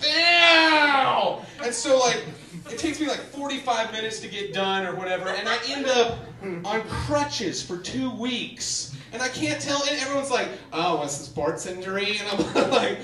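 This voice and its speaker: A young man on a theater stage delivering stand-up comedy, with a very high and bright, forceful voice. He tells his stories in an animated way, breaking into shouted bits. The sound is roomy and heard from a distance, like a camera out in the house. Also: moderate pace. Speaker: stand-up comic.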